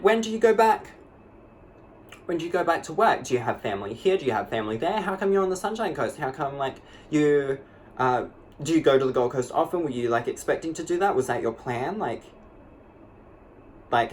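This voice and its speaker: A man with a mid-range, everyday-sounding voice plays a young woman vlogger in a comedic storytime monologue, with a little hiss or hum in the audio. He rambles breathlessly and dramatically, packing in plenty of "like".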